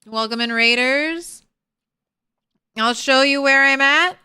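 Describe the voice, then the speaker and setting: A woman's voice: high voice, takes it slowly, bright, forceful tone. A woman streamer chatting casually with viewers while she plays, greeting people by name and talking through her progress. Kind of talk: casual live-stream chat while gaming.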